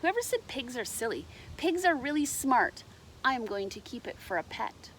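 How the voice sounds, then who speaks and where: A woman's voice: a little high, sing-song, moderate pace, a little hiss or hum. A woman voicing a spunky, bossy young farm girl in a storybook reading. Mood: chatty. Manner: yelling, sassy.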